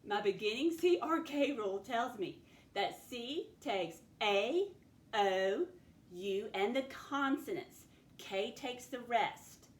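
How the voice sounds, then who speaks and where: A woman's voice: on the high side, animated. A woman teacher leading a phonics spelling lesson for children, sounding out each word patiently. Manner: slow, patient, sounds words out. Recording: echoey room, faint background noise.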